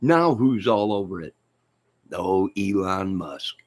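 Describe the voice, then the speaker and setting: Low-voiced rambling joking man. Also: expressive, takes it slowly. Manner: jokey, rambling, sudden loud outbursts. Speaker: channel host. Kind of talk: rambling joking livestream chat.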